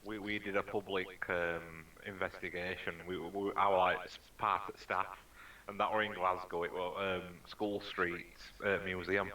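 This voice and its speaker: A man's voice: sits low, little pitch movement, unhurried, sharp tone. A man, co-hosting a paranormal livestream in easygoing casual chat, laughing often and giving short agreements. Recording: voice distant from the mic.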